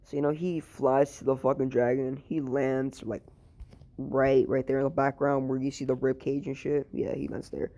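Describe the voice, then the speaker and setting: A man's voice: mid-range voice, little pitch movement, normal speed, mellow. Tired young man rambling a crude story. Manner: rambling, crude, full of fillers and swearing. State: tired, sleepy. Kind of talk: improvised fan story narration.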